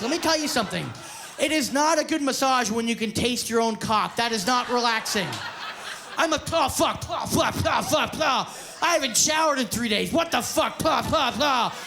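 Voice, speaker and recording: Loud profane male stand-up comic. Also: very high voice. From Canada. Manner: profane, loud, crowd-baiting delivery. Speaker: stand-up comedian. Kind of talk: stand-up comedy set. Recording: live club set with loud crowd laughter.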